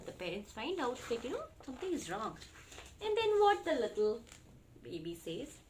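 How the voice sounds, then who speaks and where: A woman's voice: on the high side, big pitch swings, normal speed, a little mellow, a little hiss or hum. Chatty Indian English woman reviewing books. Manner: chatty, with many fillers and restarts. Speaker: parenting vlogger. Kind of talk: casual book review.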